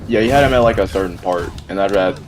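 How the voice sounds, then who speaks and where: A man's voice: sits low, very fast, music in the background. A man debating casually on a gaming stream, rambling and repeating his phrases with plenty of fillers.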